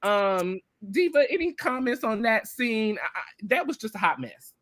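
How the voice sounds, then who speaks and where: A woman co-hosting a casual TV recap chat, retelling scenes in a chatty, animated way with lots of filler words. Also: on the high side, moderate pace, dry recording, clean studio sound. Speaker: podcast co-host.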